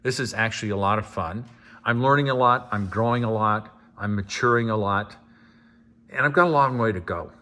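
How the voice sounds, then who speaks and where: A man delivering a mock-sincere, deadpan sarcastic monologue as a homeowner vlogger. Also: fairly low pitch, brisk.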